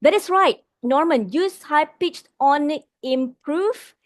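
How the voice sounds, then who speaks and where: A woman's voice: high-pitched, animated, no echo, clean studio sound. A woman trainer with a Malaysian English accent teaching an online class on vocal delivery, calling her audience "my dear friends" and reading out their replies. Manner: varies loudness and slows down for emphasis. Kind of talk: live webinar lesson on vocal delivery.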